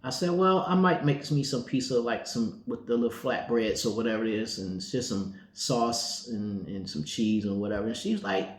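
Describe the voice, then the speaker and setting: A man's voice: on the low side, moderate pace, hardly any pauses. A man co-hosting, telling a faith story in a casual, chatty way and acting out the dialogue with laughs. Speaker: co-host. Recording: roomy echo.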